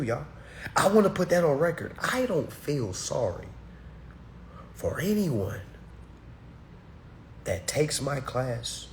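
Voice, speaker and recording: A man, giving a blunt, preachy talk to his course students that swings between loud and muttered. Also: on the high side, a little hiss or hum. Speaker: course teacher. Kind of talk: blunt motivational rant.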